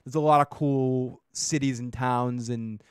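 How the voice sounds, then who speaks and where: Reviewing a TV episode on his podcast, a Boston-accented man from Massachusetts rambles loosely and profanely, often trailing off and beginning again. He has a mid-range voice with fairly even intonation and a slightly slow delivery, and the clean, studio-quality sound carries no room noise.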